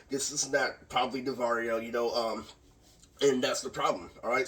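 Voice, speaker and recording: A man's voice: mid-range voice, fairly bright tone. A young man telling a long, rambling story in a casual vlog, swearing and saying "literally" again and again. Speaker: vlogger. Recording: voice distant from the mic.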